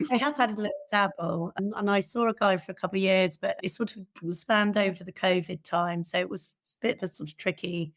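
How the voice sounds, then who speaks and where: A middle-aged woman from England with a British accent and a slightly croaky voice, speaking frankly and steadily as an interview guest. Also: mid-range voice, a little fast. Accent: British English. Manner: frank, steady, occasionally swearing. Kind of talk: candid personal storytelling.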